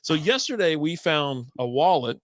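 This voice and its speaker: Laughing, animated male storyteller. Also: on the high side, normal speed, no echo, studio quality. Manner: laughing, animated storyteller acting out shouts, swears freely. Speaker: podcast co-host. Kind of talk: casual chat, storytelling.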